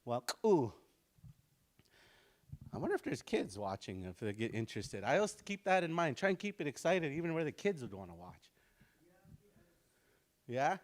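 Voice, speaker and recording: Speaking on the high side, this man runs a laid-back language lesson. He pronounces words slowly and goes over them again so students can follow.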